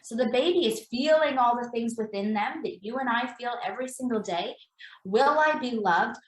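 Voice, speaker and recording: A woman's voice: on the high side, lively intonation, moderate pace, echoey room, poor audio. A woman, an embodiment practitioner, explaining in an earnest, conversational interview, repeating phrases for emphasis.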